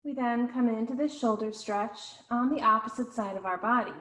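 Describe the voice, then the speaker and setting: Soothing woman guiding yoga, echoey room. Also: a little high. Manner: slow, soothing cues with soft pauses. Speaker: yoga instructor. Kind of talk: guided yoga class instruction.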